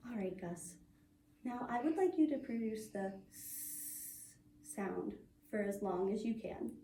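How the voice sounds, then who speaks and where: A woman working as a speech-language clinician who guides an exam in a calm, patient, step-by-step way. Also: medium pitch, takes it slowly, a little hiss or hum. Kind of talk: clinical assessment and discussion. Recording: roomy audio from a distant mic.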